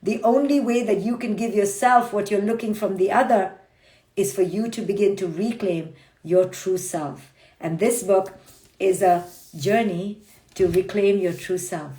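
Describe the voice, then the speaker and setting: A woman psychologist giving a brisk, blunt motivational talk on a phone livestream, acting out people's inner voices as she goes. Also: mid-range voice, mellow. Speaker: clinical psychologist and author. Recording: roomy echo.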